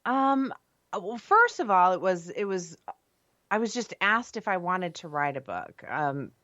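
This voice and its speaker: A chatty Midwestern woman guest with a fairly low voice, laughing often and restarting her sentences. Her voice comes through dull and lo-fi, and it sounds dry with no room around it. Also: sing-song, measured pace, sharp tone, dry recording. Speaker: guest, paranormal investigator and author. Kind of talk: casual interview chat. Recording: dull lo-fi remote audio.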